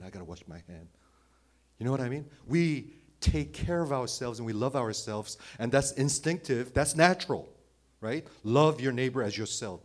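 A man delivers a sermon as pastor in a mid-range voice. He swings between forceful, raised emphasis and quiet, almost whispered lines. His phrasing carries small grammatical slips. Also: medium pitch. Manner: dynamic, swings between loud emphasis and hushed near-whisper.

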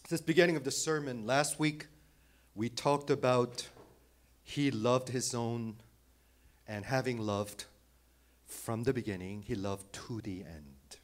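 A man delivers a sermon as pastor in a mid-range voice. He swings between forceful, raised emphasis and quiet, almost whispered lines. His phrasing carries small grammatical slips. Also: mid-range voice, slow pace, pauses often. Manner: dynamic, swings between loud emphasis and hushed near-whisper.

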